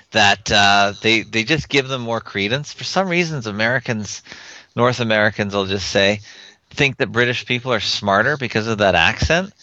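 A man's voice: lowish voice, pushed and bright, no room sound. A man hosting a casual chat, speaking plainly and emphatically. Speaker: host. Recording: dry, muffled lo-fi audio.

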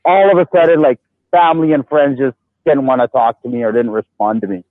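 A man's voice: medium pitch, brisk, no room sound. A man telling stories in a casual podcast chat, animatedly acting out the voices of the people he quotes. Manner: animated storyteller, acts out quoted dialogue. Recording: tinny phone-like line.

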